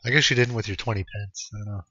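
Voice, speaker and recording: A young man from Canada streams a game and chats with viewers in a relaxed, profane way. His voice is bright and forceful, and it sits close and dry on a dull, lo-fi stream mix. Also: on the low side, rapid-fire, no room sound. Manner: laid-back, swears freely, chuckles while answering chat. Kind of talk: casual live-stream chat.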